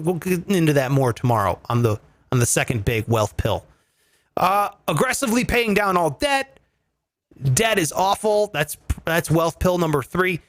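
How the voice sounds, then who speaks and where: Animated joking male podcast host. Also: high voice. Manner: animated, swearing, joking rants. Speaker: comedy finance show host. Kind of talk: casual comedic podcast talk.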